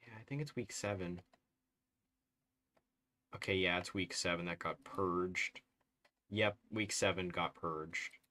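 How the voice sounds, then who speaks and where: A man with a soothing, soft-spoken voice giving casual live-stream commentary, thinking aloud, mumbling and correcting himself as he works. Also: sits low, measured pace, long pauses.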